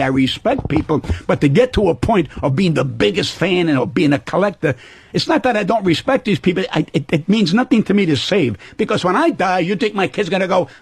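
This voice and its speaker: Casting: older man in his seventies, brash foul-mouthed storyteller, husky voice, high for a man, dry studio sound. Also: dry recording. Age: 70s. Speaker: comedian guest. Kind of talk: radio talk show banter. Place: radio studio.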